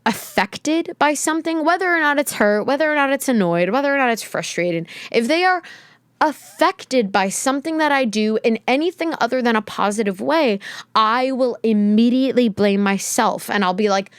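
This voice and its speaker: A woman's voice: fairly high pitch, animated, moderate pace, clear, resonant tone, dry recording, clean studio sound. A young woman hosting a podcast, talking candidly and emotionally in a rambling, reflective way with many fillers. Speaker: podcast host. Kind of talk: candid solo talk.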